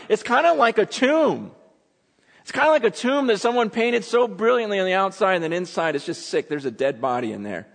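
A man preaching a sermon, acting out quotes with dramatic swings between loud and hushed delivery. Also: high voice, very animated, fast, creaky. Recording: long hall reverb.

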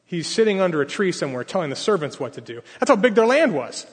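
A man preaching a sermon, retelling a story and acting out each character's pleading and complaints in lively voices. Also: sits high, quick pace, slightly rough. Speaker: pastor. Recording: reverberant hall.

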